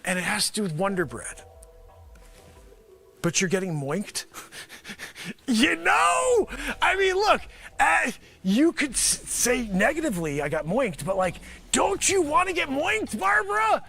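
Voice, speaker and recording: Excitable high-voiced man doing a comic pitch. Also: normal speed, vocal fry, slightly rough, soft background music. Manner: rambling, sarcastic, excitable. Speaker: host. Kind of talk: comedic improvised pitch.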